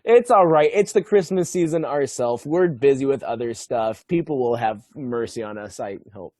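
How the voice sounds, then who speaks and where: A young man co-hosting a podcast, his voice at an ordinary male pitch. He talks with enthusiasm and laughs easily. The sound is dry and close, with no room around it. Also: animated, normal speed, a little mellow, no echo. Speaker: podcast co-host. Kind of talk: casual chat.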